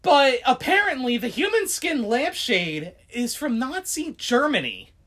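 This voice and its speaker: High, bright, rambling woman. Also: big pitch swings, measured pace, husky. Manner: rambling, full of fillers and laughter. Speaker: podcast co-host. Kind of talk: casual chat.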